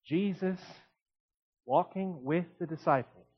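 A man preaching a sermon in an animated, conversational way, with emphatic asides. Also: on the high side, slow pace, dull audio.

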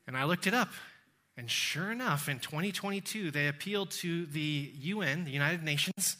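A middle-aged man with a Texan accent preaching a sermon, telling a travel story with quoted voices and slowing down to stress key words. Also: on the high side, bright, forceful tone. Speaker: pastor.

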